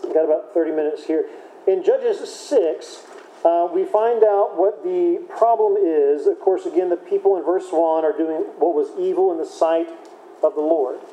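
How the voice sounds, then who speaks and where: A man teaches a relaxed Bible class in a chatty, conversational way. His voice sits a little high but sounds very mellow and dark. The room is echoey, with a faint hiss behind him. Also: normal speed. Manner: conversational, chatty, self-correcting with light laughs.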